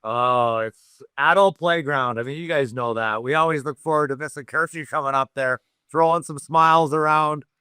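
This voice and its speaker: A man's voice: on the high side, normal speed, pushed and bright, smooth, dry recording, studio quality. A man talking as a guest on a casual podcast, joking and self-mocking and laughing often. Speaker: guest hockey analyst.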